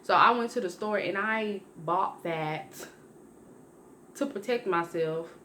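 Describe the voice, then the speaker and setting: A young woman vlogger rambles through a personal story in casual, conversational style, constantly restarting and correcting herself, though she gets lively when acting out things she once said. Her mid-range voice takes its time, with a little hiss or hum in the audio.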